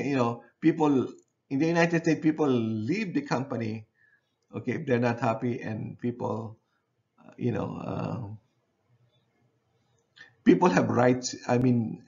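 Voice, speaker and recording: A man giving a university lecture. He speaks haltingly, often repeats phrases and checks in with his class using "okay". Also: medium pitch, gravelly, darkish tone, lo-fi sound.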